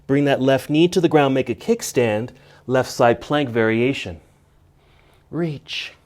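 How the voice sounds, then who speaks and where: Male yoga teacher, middle-aged, mid-pitched, steady calm cues, a little winded. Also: moderate pace. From United States. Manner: calm cueing of poses and breaths. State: slightly out of breath. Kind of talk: guided yoga class instruction.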